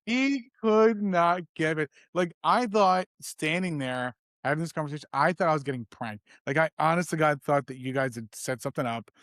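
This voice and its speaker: Young male podcast co-host, slightly high voice, dry close sound, rambling storyteller acting out dialogue. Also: animated, moderate pace, hardly any pauses, a bit bright, no echo. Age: 20s. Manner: rambling anecdote, acts out the other man's lines. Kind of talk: casual storytelling chat.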